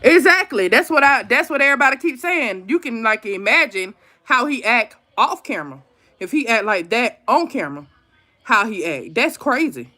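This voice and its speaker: A woman's voice: on the high side, moderate pace. Woman venting in casual chat. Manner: animated storytelling, talks straight to viewers as "y'all". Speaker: live stream host.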